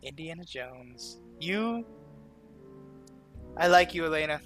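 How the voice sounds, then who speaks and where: A man's voice: fairly high pitch, animated, moderate pace, a bit bright, soft background music. A young man from the American South, rambling chattily over a game he is playing. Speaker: gaming channel host. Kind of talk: casual game commentary.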